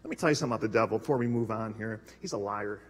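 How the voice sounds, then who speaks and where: A young adult male pastor preaching a sermon in a church sanctuary, animated, acting out quotes with big swings and frequent restarts. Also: fairly low pitch, very fast. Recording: long hall reverb.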